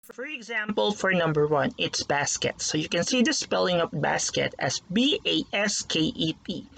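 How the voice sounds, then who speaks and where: A teacher giving a recorded lesson to young pupils, slowly sounding out words syllable by syllable. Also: mid-range voice, animated, creaky, a bit bright, low-quality recording.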